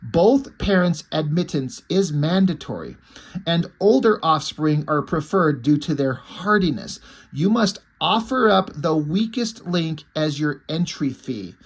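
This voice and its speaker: A man's voice: fairly high pitch, animated, unhurried, breathy edge, heavily acted. A man voicing a formal, cold vampire official as he reads lines from a comic aloud.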